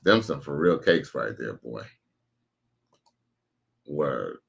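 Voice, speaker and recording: A man's voice: rumbling low, expressive, slow, vocal fry, slightly rough, dull audio. A man casually commenting on a live stream, slangy and profane, reacting to clips and reading out chat. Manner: laid-back, slangy, profane, reads out chat messages.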